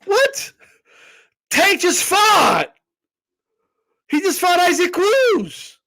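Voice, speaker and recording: A man hosting boxing commentary, ranting in a casual, profane, incredulous way and bursting into shouts. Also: very high-pitched, huge pitch swings, extremely slow. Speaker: boxing commentator, channel host.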